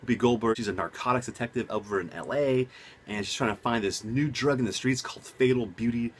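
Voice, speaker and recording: A young man, casually reviewing movies at home, rambling and excitable with lots of side notes. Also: mid-range voice, quick pace, slight background noise. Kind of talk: casual enthusiastic vlog. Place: home room.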